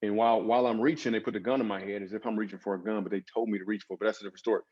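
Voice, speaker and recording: A man's voice: fairly low pitch, steady tone, very fast, darkish tone, husky, highs cut off. A man guest on a podcast, a comedian and author, telling personal stories in an earnest, dramatic way with emphatic swings. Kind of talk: storytelling interview.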